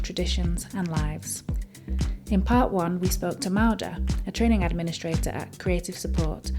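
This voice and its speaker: A woman hosting a podcast, reading a scripted introduction in a measured way. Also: on the low side. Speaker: podcast host and interviewer. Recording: music playing underneath. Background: intro music.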